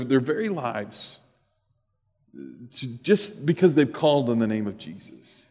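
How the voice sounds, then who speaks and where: Animated preacher in a reverberant hall. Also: male voice, medium pitch. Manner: animated storytelling, acts out voices. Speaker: pastor. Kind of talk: sermon.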